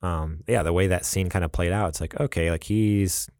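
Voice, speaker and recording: A man co-hosting a casual podcast chat, talking animatedly and acting out scenes with quick quoted voices and laughs. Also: low voice, darkish tone, dry recording, clean studio sound. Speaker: podcast co-host.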